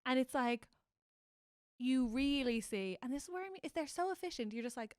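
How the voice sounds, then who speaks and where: Female comedy podcast co-host, higher voice, expressive, dry booth sound. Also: fast, no echo. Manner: animated, emotional, acts out characters' lines. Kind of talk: casual comedy podcast chat.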